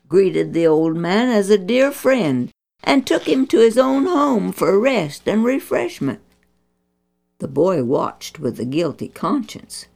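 A woman narrating a children's Bible story in a gentle, deliberate, instructive way. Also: fairly low pitch, creaky.

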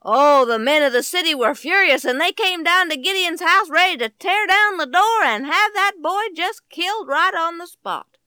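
A woman telling a Bible story in an animated, folksy way, full of exclamations. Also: very high-pitched, normal speed, no echo.

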